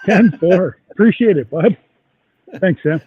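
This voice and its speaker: A man's voice: sits high, lively intonation, unhurried, breathy edge. A man chatting casually as a livestream co-host, making easygoing, offhand remarks. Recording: tinny phone-like line.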